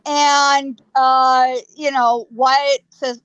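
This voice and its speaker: A woman, a psychic guest, telling a ghost story in a lively way, laughing often and acting out sounds. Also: sits high, a little slow, no echo, lo-fi sound.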